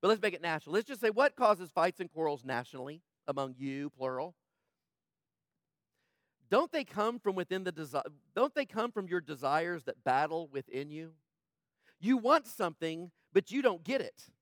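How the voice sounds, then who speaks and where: A male pastor delivers an impassioned sermon in a high voice. He swings from loud, urgent passages to quiet, hushed ones. The sound is close and dry. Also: lively intonation, moderate pace, no echo.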